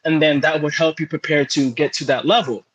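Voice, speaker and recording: A young man, a sports broadcaster, chatting as an interview guest and telling animated stories with plenty of fillers and restarts. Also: on the high side, a little fast, slightly rough, muffled recording. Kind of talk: casual interview chat.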